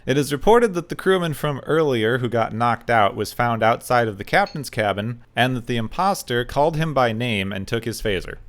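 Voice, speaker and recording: A man's voice: medium pitch, expressive, moderate pace, hardly any pauses. Wry man recapping an episode. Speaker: podcast host. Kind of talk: casual chat recapping an episode.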